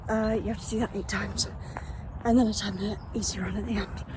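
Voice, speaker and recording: A woman's voice: mid-range voice, fairly even intonation, a little fast. A young woman chatting casually about her running while out on a run, a little out of breath. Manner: chatty, upbeat, informal. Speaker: vlogger. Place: outdoors on runs. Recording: noisy outdoor phone recording.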